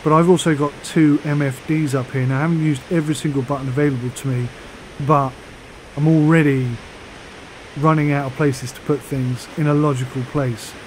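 A man chatting casually on a flight sim vlog, rambling with fillers and pausing through the hiccups. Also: on the high side, fairly even intonation, a little mellow, slight background noise, rough recording. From United Kingdom.

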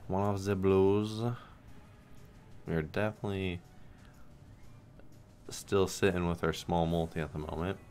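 Low-voiced man cursing at a slot game. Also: steady tone, a little slow, pauses often, darkish tone, faint music behind. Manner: swears and pleads at the game, frustrated and sarcastic. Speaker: slot streamer. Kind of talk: casual gambling stream commentary.

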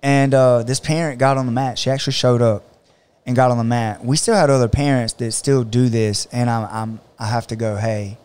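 A man's voice: medium pitch, brisk, smooth. A man, a jiu-jitsu coach, talking casually on a podcast and telling stories animatedly, acting out what other people say. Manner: animated storytelling, acts out other people's words.

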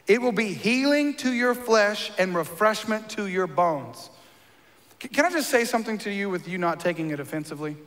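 A man with a high, forceful, bright voice preaches in a church, and long reverb rings behind him. He moves between easy, joking conversation and emphatic, punchy lines. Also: animated, moderate pace. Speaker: pastor. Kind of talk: sermon.

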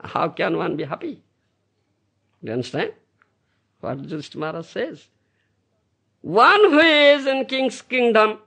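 A man teaching from scripture in a high, gravelly voice that leaps wildly up and down. He speaks slowly and emphatically, repeating phrases and throwing teasing questions to his listeners. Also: fairly bright tone. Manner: keeps asking the room "you understand?". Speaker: spiritual teacher. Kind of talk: scripture lecture. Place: Brisbane, Australia.

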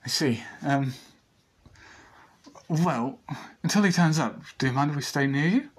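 A man's voice: on the high side, a little slow, husky. Man voicing a curious pink-haired schoolgirl. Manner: hesitant, trips over words. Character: teenage schoolgirl with pink hair, friendly and curious.

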